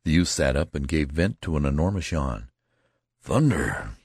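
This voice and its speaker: A man reading a novel aloud in a measured, deliberate way, as scripted narration. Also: a bass voice, a little mellow, no echo, clean studio sound. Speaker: audiobook reader.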